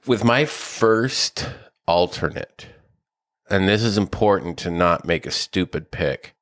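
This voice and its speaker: Low-voiced man in mock-angry golf banter. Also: takes it slowly, fairly bright tone, no echo. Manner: mock-angry ranting, swears, teasing. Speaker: golf podcast co-host. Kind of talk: casual chat.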